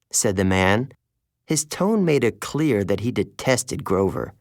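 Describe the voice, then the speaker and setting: A man reads a first-person audiobook in a wry, conversational way. His delivery is slow and gravelly, with lively rises and falls, recorded dry and close. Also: lowish voice, dry recording. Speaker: audiobook narrator.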